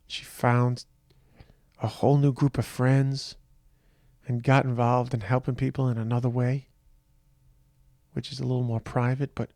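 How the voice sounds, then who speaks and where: A man speaks into a close podcast mic in a tired, reflective monologue, often pausing and restarting. His voice is gravelly with plenty of fry. The sound is dry, with no room around it. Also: mid-range voice, mellow, dry recording. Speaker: podcast host. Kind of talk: personal monologue.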